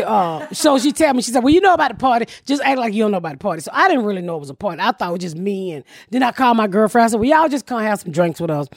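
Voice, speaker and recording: A woman's voice: mid-range voice, slightly rough, no room sound, clean studio sound. A middle-aged woman, telling a story on a podcast with a lot of swearing and laughter. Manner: profane, animated storytelling with laughter. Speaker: podcast host. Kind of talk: casual storytelling chat.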